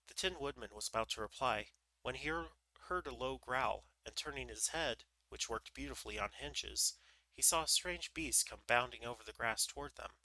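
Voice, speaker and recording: Male livestream storyteller, relaxed read with small restarts, bright and dry. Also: mid-range voice, moderate pace, dry recording, rough recording. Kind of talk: reading a children's book aloud.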